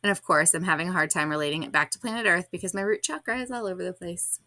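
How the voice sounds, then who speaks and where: A woman's voice: fairly low pitch, fast talker, sharp tone, dry recording. A woman podcast host reading her own blog post aloud in a candid, reflective and slightly awkward way.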